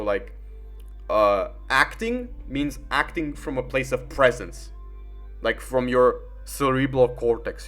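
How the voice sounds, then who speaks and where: A man's voice: medium pitch, a bit bright. A young man giving rambling, casual commentary while gaming, full of fillers and swearing.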